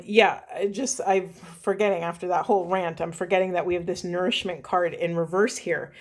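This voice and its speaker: A woman's voice: lowish voice, a little mellow. A woman giving a spiritual tarot reading, talking in an earnest, rambling way with apologetic self-corrections while losing her voice. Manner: slow emphatic repetition of key phrases. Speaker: tarot reader.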